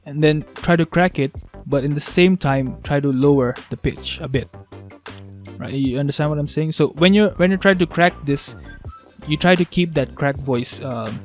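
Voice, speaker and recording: A man teaching a beatbox vocal technique in a casual tutorial, talking haltingly with restarts as he works out how to explain it. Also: on the high side, soft background music. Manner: halting, restarts, thinks aloud.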